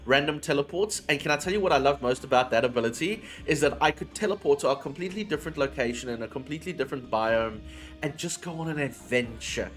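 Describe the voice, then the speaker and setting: A man's voice: medium pitch, a bit bright. A man chatting casually with his chat audience on a livestream. He swears freely and drifts between topics.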